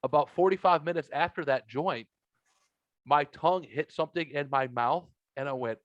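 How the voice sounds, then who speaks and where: Here a man's voice sits on the high side and moves at a normal pace, recorded dry with muffled highs. He's a podcast host in a home basement room, casually telling a rambling, swear-filled story and playing each speaker in it himself.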